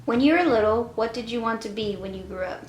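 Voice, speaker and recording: A woman reads out interview questions and drops in short, dry quips. Her voice is a little high. The space around her is echoey, with faint noise underneath. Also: quick pace. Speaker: question asker. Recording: roomy echo, faint noise.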